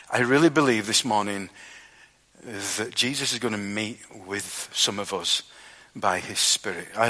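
A man preaching a conversational sermon in a church hall. He talks in a halting way, with fillers and restarts. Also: a little high, bright, forceful tone. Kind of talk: sermon with Bible reading. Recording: reverberant hall.

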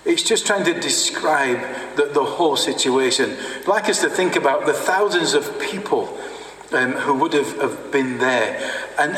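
Male preacher, unhurried and halting, distant mic, long hall reverb. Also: mid-range voice, fairly bright tone. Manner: halting, with fillers and repeated words. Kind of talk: sermon. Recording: echoey hall from far off.

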